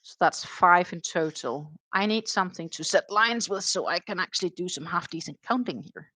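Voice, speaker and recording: A woman's voice: fairly low pitch, normal speed, bright, forceful tone, no echo. A woman hosting a casual crochet stream, chatting and thinking aloud with dry sarcasm and a Danish accent. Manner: chatty, dryly sarcastic, thinks aloud while counting stitches. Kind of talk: casual chat while crocheting.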